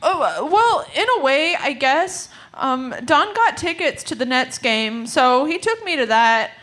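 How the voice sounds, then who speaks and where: A woman's voice: sits high, expressive, unhurried, a bit bright. A woman reading a mousy, klutzy assistant producer in her mid-twenties, hesitant and flustered, in a comedy table read.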